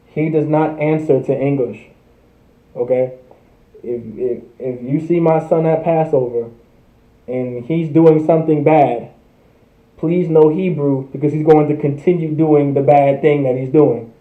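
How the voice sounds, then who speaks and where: A man leads a livestreamed language lesson, drilling the same word again and again between relaxed asides. His voice sits in a middle range. It comes through thin and phone-like, with a roomy echo around it. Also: mid-range voice. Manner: repetitive drilling, casual conversational asides. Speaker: language class teacher. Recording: tinny phone-like audio in an echoey room.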